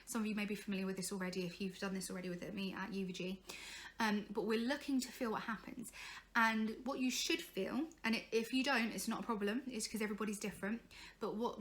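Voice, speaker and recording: A woman's voice: medium pitch, fairly bright tone, slight background noise. A young woman coaching singing in a chatty, encouraging way, breaking into vocal demonstrations. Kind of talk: informal singing tutorial.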